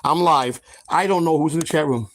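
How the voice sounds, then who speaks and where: A man's voice: a little high, a little fast. A man hosting a live stream while walking outdoors, blunt and heated, repeating his points. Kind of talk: walk-and-talk live stream. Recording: street traffic noise behind.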